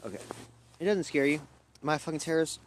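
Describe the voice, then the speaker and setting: A man's voice: on the high side, fast, slight background noise. A young man from Louisiana hosting a livestream, talking in a rambling, profane, erratic way that jumps between topics. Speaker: livestream host. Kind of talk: rambling casual livestream chat.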